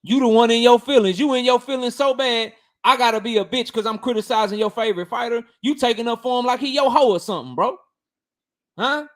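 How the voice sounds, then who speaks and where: A man with a very high-pitched voice hosts a boxing livestream, talking briskly as he reads the chat. He is blunt, profane and heated, repeating himself as he goes.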